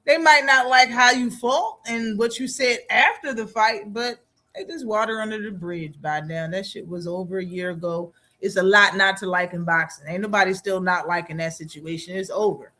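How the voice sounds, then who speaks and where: Bright-voiced slangy male stream host. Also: sits high, normal speed. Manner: loose, slangy, laughing reactions. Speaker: boxing talk stream host. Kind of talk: casual live-stream commentary.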